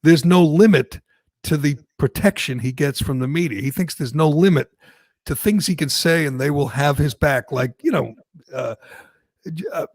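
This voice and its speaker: Male talk host, animated and opinionated, gravelly with a dry studio sound. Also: a little high, normal speed, dry recording. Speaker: radio talk show host. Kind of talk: casual political talk.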